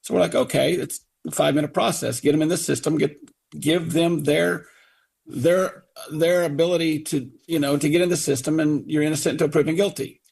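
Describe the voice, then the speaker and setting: A man's voice: on the high side, fairly even intonation, a little fast, vocal fry, a little mellow, husky. A middle-aged man, a victim's father, angrily retelling events on talk radio and acting out what others told him. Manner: indignant, quotes others in put-on voices.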